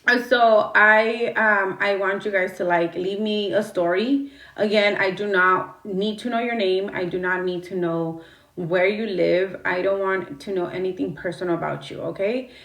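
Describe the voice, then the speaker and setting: A woman's voice: medium pitch, fairly even intonation, moderate pace, fairly bright tone, echoey room, distant mic. Rambling blunt woman on a phone livestream. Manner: rambling and blunt, swears, greets chat. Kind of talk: casual livestream chat.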